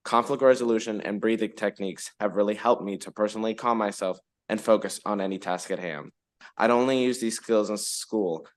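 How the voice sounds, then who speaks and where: Teenage boy reading testimony, lowish voice. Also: fairly even intonation, fairly quick. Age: teens. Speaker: student witness.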